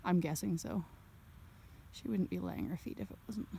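A young woman talks in a soft-spoken ASMR half-whisper as she walks through a sheep field. Her voice is mellow and gentle, and she keeps up a chatty murmur. Faint outdoor noise sits behind her. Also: fairly low pitch, very animated, normal speed, vocal fry. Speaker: ASMR creator and farmer.

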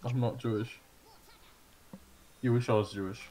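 A man's voice: medium pitch, fairly even intonation, dark tone, low-quality recording. A man in casual gaming banter, laughing and teasing his friends. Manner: laughing, teasing, drawn-out reactions. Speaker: gamer.

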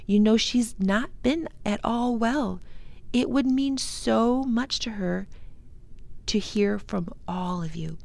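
A woman reading as a gentle storybook mother. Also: fairly high pitch, slow, creaky, pitched above the performer's own voice. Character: gentle caring mother of three.

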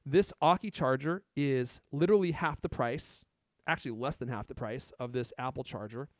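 A man hosting a casual tech podcast, excitedly showing off gadgets and chatting. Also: medium pitch, normal speed, no echo, studio quality. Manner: excited, shows gadgets on camera. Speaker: podcast host.

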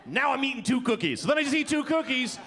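A man in his thirties doing a stand-up comedy set, animated and shouting his punchlines. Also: very high-pitched, quick pace. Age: 30s. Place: comedy club. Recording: live club with crowd laughter. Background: audience laughter.

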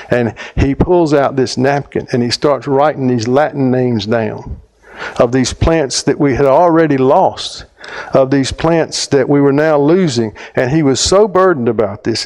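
A middle-aged man, a theologian, telling a story in a talk, halting and restarting, his voice climbing sharply when he acts out his own lines. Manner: animated storyteller, voice climbs high when quoting himself; halting phrasing, restarts mid-sentence. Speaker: theologian speaker.

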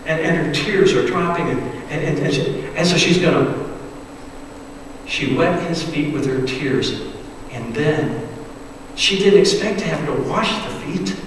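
Pastor preaching in an echoey church. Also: male voice, on the high side, a little hiss or hum. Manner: dramatic storytelling, swings from loud to hushed. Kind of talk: sermon. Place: church sanctuary. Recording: echoey church hall, distant mic.

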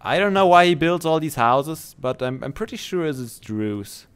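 A man who laughs often while showing friends around, hosting a relaxed gaming session. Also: on the high side, moderate pace, clean tone. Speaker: host. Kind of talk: casual gaming chat.

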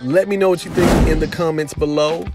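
A man vlogging, telling a personal story in a casual, animated way with lots of "you know" fillers, as a commentary host. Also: fairly high pitch, a little fast, over music. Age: adult with daughters. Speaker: video host.

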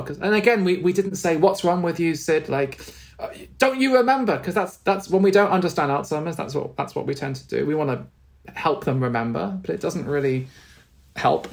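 A gravelly, fairly high-pitched man, a spiritual teacher appearing as a podcast guest, tells a heartfelt story. He speaks in a halting, earnest way and keeps restarting.

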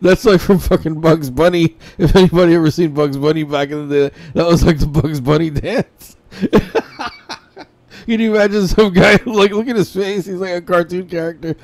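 Guy from india cracking up over a video, swearing a lot, kinda high voice. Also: normal speed, a little mellow. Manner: laughing often, profane, amused. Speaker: commentator reacting to a street video. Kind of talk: casual reaction commentary.

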